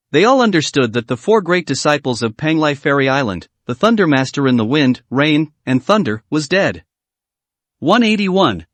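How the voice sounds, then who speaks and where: A man narrating a translated fantasy novel as an audiobook, in an even, steady storytelling manner. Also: on the high side, no echo.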